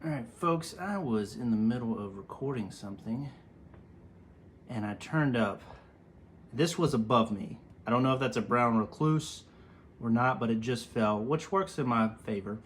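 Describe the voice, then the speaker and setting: A man's voice: mid-range voice, normal speed, slight background noise. A man hosting his first casual solo podcast, chatty and self-deprecating, rambling as he goes. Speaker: podcast host.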